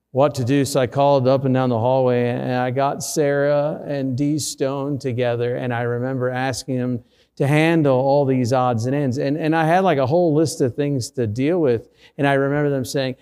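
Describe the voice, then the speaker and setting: A man's voice: mid-range voice, warm tone, smooth, big-room sound. A middle-aged man, a pastor, preaching a sermon through a personal story with self-deprecating humor.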